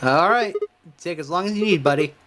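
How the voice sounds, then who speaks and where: A man's voice: fairly high pitch, a little fast, fairly bright tone, slight background noise, close to an everyday voice. A man voicing a young male hero in game dialogue, plain and concerned.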